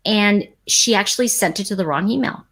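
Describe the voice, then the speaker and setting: A woman hosting a livestream, talking casually and emphatically to her chat audience in a rambling, animated way. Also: medium pitch, brisk. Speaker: livestream host.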